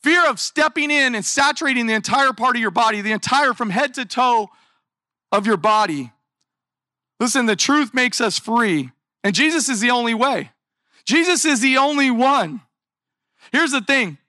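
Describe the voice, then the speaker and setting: A man preaching a sermon in an animated, conversational way, full of rhetorical questions. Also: very high voice, normal speed, no echo, studio quality. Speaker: pastor.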